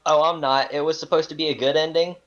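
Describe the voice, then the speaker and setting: A man's voice: fairly high pitch, fairly even intonation, quick pace, a bit bright, lo-fi sound. A man co-hosting a casual gaming show, rambling playfully and restarting his sentences. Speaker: podcast co-host. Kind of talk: casual banter about games.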